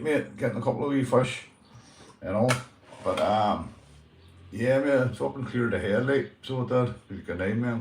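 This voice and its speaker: A man's voice: lowish voice, reverberant, slight background noise. A young man with a Northern Irish accent, hosting a casual livestream, greeting viewers and swearing freely, calling everyone mate. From Northern Ireland. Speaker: livestream host.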